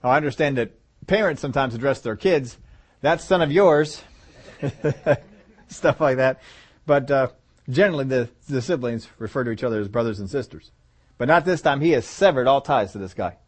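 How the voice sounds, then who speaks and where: A man's voice: mid-range voice, expressive, brisk, slightly rough. A man preaching a sermon in a conversational way, asking the listeners rhetorical questions. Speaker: pastor.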